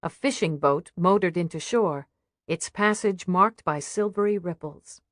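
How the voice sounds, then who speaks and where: A woman narrating an audiobook in a steady, even reading. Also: fairly low pitch, unhurried, no room sound, studio quality. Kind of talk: scripted narration.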